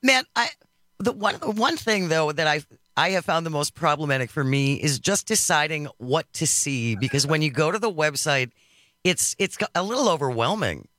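A man's voice: fairly high pitch, lively intonation, normal speed, sharp tone, no echo. A man co-hosting a casual chat in an easygoing way with brief remarks.

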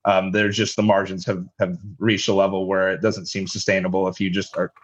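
A man's voice: deep voice, flat delivery, a little fast, muffled recording. A man, head of a logistics company, explaining things in a businesslike way as an interview guest. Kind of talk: interview answers.

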